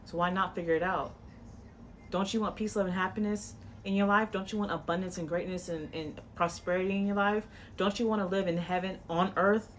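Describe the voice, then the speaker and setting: A woman's voice: medium pitch, steady tone, a little fast, a little hiss or hum. A woman giving a casual tarot reading in a blunt, profane, coaching tone, rambling with frequent "you know"s and restarts. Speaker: tarot reader.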